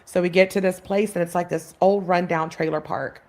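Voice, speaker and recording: Low-voiced woman telling her life story. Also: fairly even intonation, brisk, darkish tone. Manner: heartfelt, many fillers and restarts, acts out voices in her story. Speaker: podcast guest. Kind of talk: personal storytelling.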